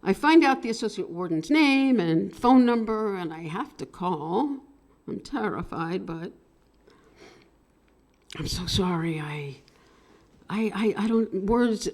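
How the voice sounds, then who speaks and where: A woman telling a personal story at an open mic, swinging between hushed and loud with strong emotion. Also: mid-range voice, animated, measured pace. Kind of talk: live dramatic storytelling.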